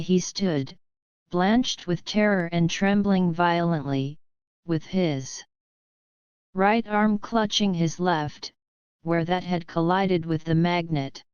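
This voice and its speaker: Slow, crisp woman reading a story. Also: on the low side, a little mellow, no room sound, dull audio. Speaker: audiobook narrator. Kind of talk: scripted narration.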